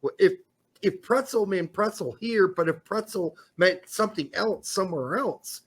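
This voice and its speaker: A man co-hosting a casual sports talk show, joking and animated as he talks. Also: high voice, normal speed, slightly rough. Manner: lively, joking, animated delivery. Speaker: podcast co-host.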